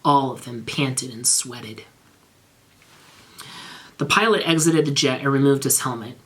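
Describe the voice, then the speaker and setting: A man reading bad fan fiction aloud in a measured, straight-faced narration. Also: mid-range voice, fairly bright tone.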